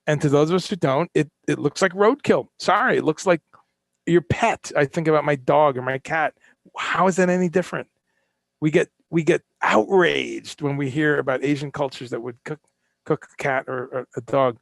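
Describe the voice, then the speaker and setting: A man's voice: on the high side, moderate pace, vocal fry, no echo, studio quality. A man hosting a live-streamed solo talk, ranting with passion, swearing and firing off rhetorical questions. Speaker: host.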